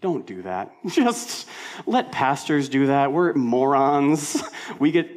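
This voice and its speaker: Speaking slowly at a medium pitch, this male senior pastor delivers an animated, chatty sermon, repeating points for emphasis and joking at his own expense.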